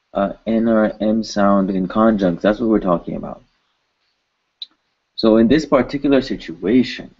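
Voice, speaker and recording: Slow, deep-voiced male language teacher. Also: dull audio. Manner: patient, repeats each word slowly several times. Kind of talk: pronunciation lesson.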